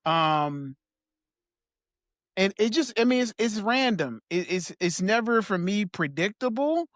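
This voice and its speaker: A man as a podcast guest, talking in a soft, halting way with small laughs as he reflects on personal memories. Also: sits high, sing-song, no room sound, clean studio sound.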